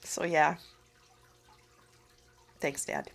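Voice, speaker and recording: A woman doing a casual card reading, tearful and emotional, speaking haltingly with frequent pauses. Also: noisy background. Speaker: oracle card reader.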